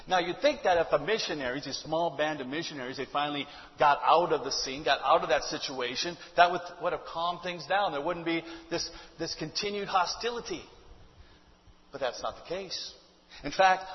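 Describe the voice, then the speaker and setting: High-voiced man preaching in a reverberant hall. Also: moderate pace. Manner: conversational preaching with rhetorical questions. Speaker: pastor. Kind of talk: sermon. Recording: dull audio with long hall reverb.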